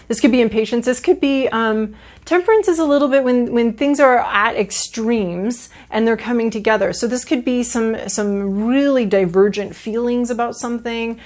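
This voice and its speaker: A woman's voice: a little high, normal speed, darkish tone. A woman giving a casual tarot reading, rambling with many fillers and restarts and playful asides. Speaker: tarot reader.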